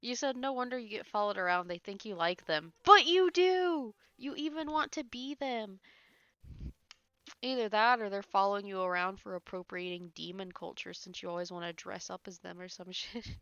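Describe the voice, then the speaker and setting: A woman's voice: fairly low pitch, fairly even intonation, a little fast, hardly any pauses, fairly bright tone, clear, resonant tone, dry recording, highs cut off. A woman livestreamer chatting casually with her chat, teasing and swearing while she rambles.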